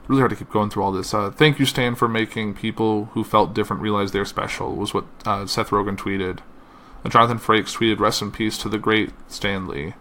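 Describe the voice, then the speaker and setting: Reading a tribute and quoted messages on his podcast, a male host goes slowly, stumbling and filling gaps with "uh." His lowish voice is bright and forceful with fairly even intonation, over a faint hiss or hum.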